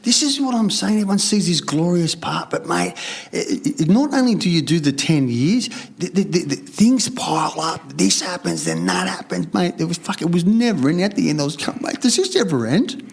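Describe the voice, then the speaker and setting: High-pitched and expressive, with vocal fry and a breathy edge, this middle-aged Sydney man talks fairly quickly as a podcast guest. He rambles through a candid story, fired up, swearing a lot and voicing the other people involved.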